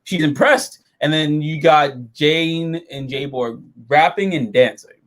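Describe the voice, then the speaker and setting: Speaking slowly in a voice on the high side, the show host reviews an episode in a loose, chatty way. He rambles, swears plenty, and stays animated throughout.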